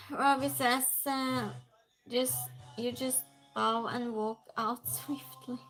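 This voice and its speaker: A woman's voice: on the high side, a bit bright. A woman from Sweden, hosting a casual livestream, chatting, laughing often and reading viewer comments aloud. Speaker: streamer host.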